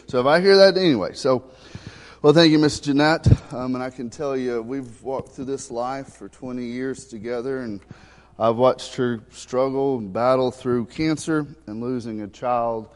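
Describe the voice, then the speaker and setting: A man's voice: mid-range voice, moderate pace. A middle-aged male pastor preaching a sermon, telling funny stories in a folksy way. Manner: humorous storytelling, folksy. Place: church sanctuary. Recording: long reverb of a church sanctuary.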